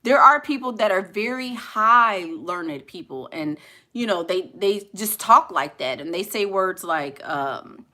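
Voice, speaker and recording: A woman in casual, playful commentary who talks straight to her viewers and laughs often. Her voice is bright and crisp, and her pitch is middling. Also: animated, unhurried. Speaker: vlogger talking to live viewers.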